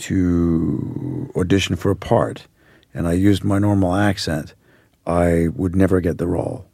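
A man in his forties from Australia who now speaks with an American accent, telling rambling stories as an actor guest in a relaxed interview. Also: low-pitched, gravelly, no room sound, studio quality. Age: 40s. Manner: rambling anecdotal storyteller.

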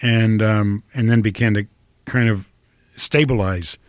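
Older midwestern actor, low-voiced, halting, dry close mic. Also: male voice, steady tone, dry recording. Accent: flat Midwestern American. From Ohio, US Midwest. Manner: hesitant, many fillers and restarts. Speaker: actor, interview guest. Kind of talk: reflective interview answers.

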